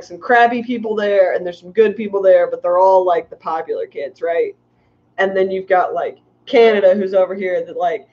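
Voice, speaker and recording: With a medium-pitched, darkish voice, a middle-aged American woman cheerfully rambles to viewers on her fishkeeping livestream, giggling, stacking up likes, and reading comments. The sound is muffled, like a lo-fi stream.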